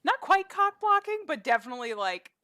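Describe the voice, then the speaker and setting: A woman's voice: high voice, big pitch swings, a little fast, sharp tone, dry recording, clean studio sound. Chatty woman playing a tabletop game. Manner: hesitant, lots of fillers and restarts. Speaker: player. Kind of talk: casual chat in a tabletop game.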